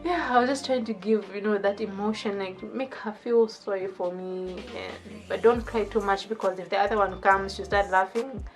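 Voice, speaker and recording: A young woman vlogger telling a story casually, with animated and chatty delivery. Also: medium pitch, normal speed, hardly any pauses, faint music behind.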